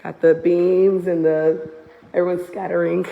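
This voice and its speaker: A hoarse woman, a real estate agent showing a house on a live phone video, gushing as she walks through it. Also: fairly low pitch, flat delivery, measured pace, narrow, tinny audio. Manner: gushing, enthusiastic, repeats "beautiful" and "I love". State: hoarse, lost voice. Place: walking through a large house, indoors and out. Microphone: handheld phone camera.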